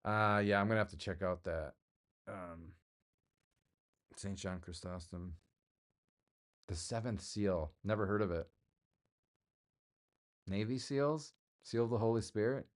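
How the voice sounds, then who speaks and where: Middle-aged man, low-set voice, loose chatty livestream host, drifts between jokes and asides. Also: measured pace, long pauses. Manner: rambling, jokey, chatty with chat readers. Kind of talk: casual livestream chat.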